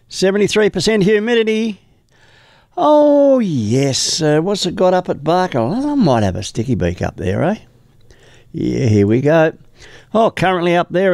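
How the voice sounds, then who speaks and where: A man's voice: fairly high pitch, a little mellow, dry recording. An Australian man presenting on local radio in a casual, chatty way, reading the weather with muttered asides into a studio microphone.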